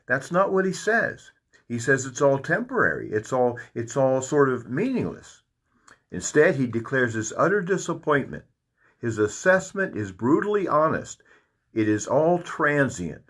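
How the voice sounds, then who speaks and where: A man leading a Bible study, reading scripture aloud and explaining it with folksy asides and repeated phrases. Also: mid-range voice. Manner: animated, reads verses aloud and comments with folksy asides.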